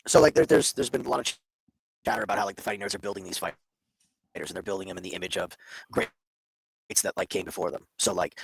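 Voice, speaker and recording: A man's voice: deep voice, steady tone, fast, creaky, pauses often, husky, dry recording, poor audio. A man co-hosting a betting stream over a video call, rambling with lots of fillers and swearing. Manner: rambling, filler-heavy, profane. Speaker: co-host. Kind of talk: live sports betting chat. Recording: dry, glitchy video-call audio.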